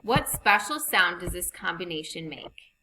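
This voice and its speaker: A woman teaching a phonics lesson over slides, reading rules and example sentences slowly and deliberately. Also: fairly low pitch, sing-song, sharp tone, slight background noise, rough recording.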